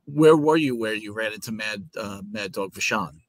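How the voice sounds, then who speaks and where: Low-voiced man asking quick questions.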